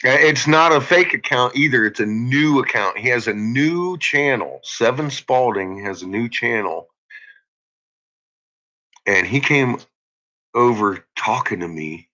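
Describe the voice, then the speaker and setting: A man rambling to his viewers on a live stream, with a bright, sharp tone and a pitch that swings widely. He swears constantly. The audio sounds dull and lo-fi. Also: expressive, a little slow. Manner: profane, rambling, heavy cursing. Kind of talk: casual live-stream chat. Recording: dull lo-fi recording.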